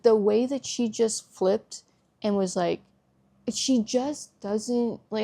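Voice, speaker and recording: A woman's voice: medium pitch, gravelly, warm tone. A woman book vlogger giving an exasperated, swear-heavy casual review rant at home.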